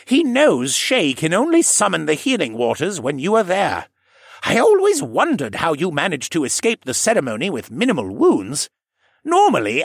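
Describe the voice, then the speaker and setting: A man voicing an earnest, kindly male koala man who gives calm advice. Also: fairly high pitch, gravelly, husky, no echo, studio quality, pitched above the performer's own voice, heavily acted.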